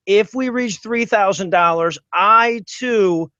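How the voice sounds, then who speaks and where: A man with a high-pitched voice jokes deadpan as a podcast guest. His voice is recorded dry and close, with no room around it. He delivers absurd promises with a straight face. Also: slow pace, clear, resonant tone, no room sound, dull audio. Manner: deadpan joking. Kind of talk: comedic podcast chat.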